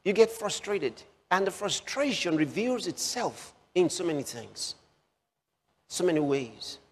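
A preacher delivers a sermon in a fairly high, slightly rough voice, very animated and at a measured pace. He poses questions straight to his listeners and repeats key phrases over and over for emphasis. A long reverb tail trails his voice.

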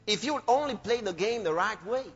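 A man preaching a fervent sermon, with bursts of shouting and acted-out quotes. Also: high-pitched, expressive, a little fast, breathy edge. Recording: dull, echoey hall recording.

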